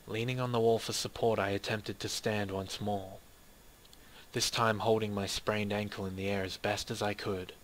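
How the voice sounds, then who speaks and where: A man reading a dramatic first-person story in a steady, measured way. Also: on the low side. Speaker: narrator.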